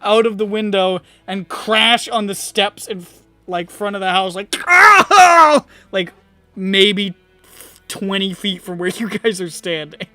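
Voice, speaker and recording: A man narrates a tabletop game as game master, his voice high and bright. He tells the scene with animated energy and frequent laughter, recorded dry and close. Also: takes it slowly, no room sound.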